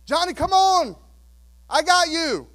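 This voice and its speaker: Man, high voice, scripted church podcast outro, steady upbeat reading. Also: takes it slowly. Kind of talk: scripted announcement.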